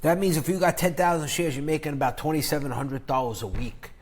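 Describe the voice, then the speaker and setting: Man, shock-jock finance vlogger, higher-pitched, crude, profane, rambling with loud jabs. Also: fast talker. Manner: loose, rambling delivery with sudden loud jabs. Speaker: finance YouTuber. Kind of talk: ranting investing vlog.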